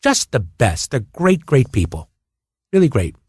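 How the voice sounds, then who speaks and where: Animated male storyteller, lively swooping pitch. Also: measured pace, breathy edge, no echo, clean studio sound. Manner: animated storyteller who stammers and restarts while acting out anecdotes. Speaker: guest. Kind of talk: casual interview chat.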